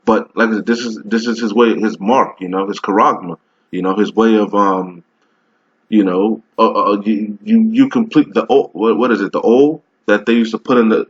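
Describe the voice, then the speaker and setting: A man with a fairly low, husky voice gives casual, emphatic religious commentary over a video, heard in lo-fi sound. He rambles with many restarts while browsing and often asks "all right?"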